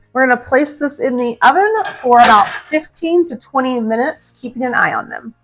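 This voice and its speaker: A middle-aged woman hosts a casual cooking demonstration in her home kitchen for her cooking channel. Her voice is on the high side and a bit bright, and she's chatty and upbeat, calling her viewers guys and friends.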